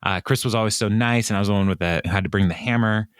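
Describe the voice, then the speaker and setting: A man co-hosting a podcast, recapping an episode in casual chat, often jumping into a higher voice to act out lines and laughing along. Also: quick pace, clean tone, no room sound, clean studio sound. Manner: retells scenes, acting out lines in a raised voice, laughs often. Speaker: podcast co-host.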